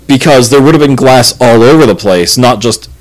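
A man's voice: medium pitch, normal speed, poor audio. A man co-hosting a podcast, casually telling a story about events in his house with plenty of "like" and "yeah" fillers. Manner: relaxed, retelling with many "like" and "yeah" fillers. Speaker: podcast co-host.

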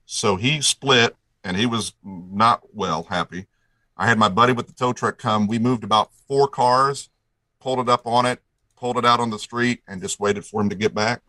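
Folksy man spinning a yarn, bright and dry. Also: lowish voice, moderate pace, dry recording, poor audio. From Indiana. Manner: folksy, rambling, acts out dialogue. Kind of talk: casual storytelling.

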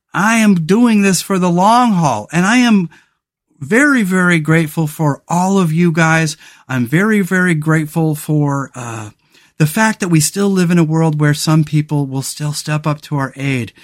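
A man's voice: on the high side, measured pace. A man hosting a solo motivational podcast, talking earnestly and rambling, with frequent restarts, fillers and the odd swear word. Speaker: podcast host.

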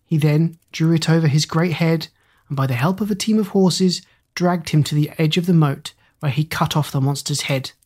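A breathy, husky-edged voice reads a fairy tale aloud at a steady, measured pace. The pitch sits in a middle range that is neither high nor low. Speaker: narrator. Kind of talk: storybook narration.

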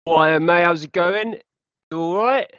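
Man, improv comedy, casual, rambling, slightly raised pitch, dull dry sound. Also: measured pace, a bit bright, clear, resonant tone, dry recording. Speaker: improv performer.

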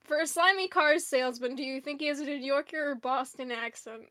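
A woman co-hosting a podcast in casual chat, animated and laughing often, with lots of "like" fillers. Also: high voice, fairly quick, no echo, studio quality. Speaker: podcast co-host.

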